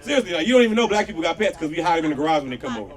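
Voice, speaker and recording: A man on stage doing stand-up outdoors, his fairly high voice swinging widely as he tells crude stories and acts out the people in them. He works the crowd directly. The sound is caught from a distance, with a loud audience laughing around him. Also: big pitch swings, rapid-fire. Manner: crude storytelling with voiced quotes, crowd work. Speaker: stand-up comedian. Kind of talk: stand-up comedy set. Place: outdoor patio comedy show.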